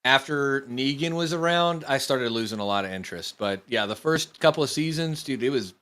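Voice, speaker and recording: A man's voice: medium pitch, animated, fairly quick, fairly bright tone, clear, resonant tone. A chatty man with a mid-range voice talks casually, keeping an easy, conversational flow. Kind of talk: casual chat.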